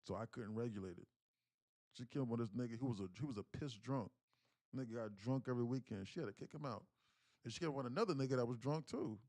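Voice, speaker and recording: A man's voice: medium pitch, fast talker, mellow, dry recording, clean studio sound. A man talking casually to his livestream audience, telling a story animatedly in street slang. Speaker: day trading livestreamer.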